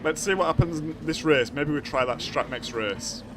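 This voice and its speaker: A very tired man giving casual commentary while he livestreams a racing game, low-key, trailing off and groaning between remarks. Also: moderate pace, noisy background. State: very tired, yawning. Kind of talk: casual live-stream commentary.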